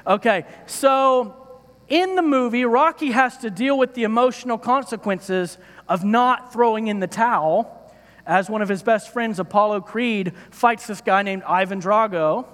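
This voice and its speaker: A man's voice: sits high, unhurried, a bit bright, big-room sound. A man giving a sermon from a church stage, in a playful, joking manner. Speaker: preacher.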